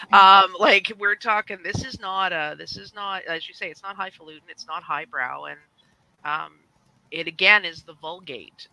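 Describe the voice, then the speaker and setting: A man's voice: on the high side, sharp tone, rough recording. A man chatting casually on a discussion panel, rambling with digressions and frequent restarts. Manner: rambling, digressive, self-interrupting.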